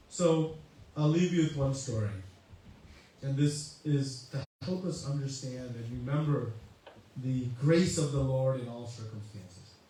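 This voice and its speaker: A spiritual teacher delivers a conversational sermon built around a story, dropping in many "you know" asides. His voice is fairly high and warm, captured in an echoey hall with the mic far off and faint ambience.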